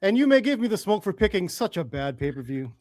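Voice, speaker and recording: A man on a podcast panel, firing off quick deadpan quips in casual chat. His voice is notably high for a man, and he talks at a brisk clip.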